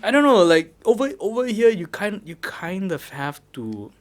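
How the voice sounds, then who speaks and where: Young Malaysian-accented male host, animated chatty delivery with a lively, slightly high voice. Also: moderate pace. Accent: Malaysian English. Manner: animated, laughs often, talks in bursts. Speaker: podcast host. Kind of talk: casual chat.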